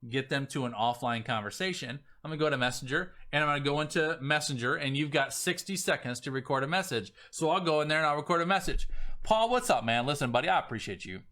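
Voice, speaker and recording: A man coaching on selling, talking casually and with energy, often acting out sample messages in a lively voice. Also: on the high side, fast talker, hardly any pauses. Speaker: business coach. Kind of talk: casual teaching talk.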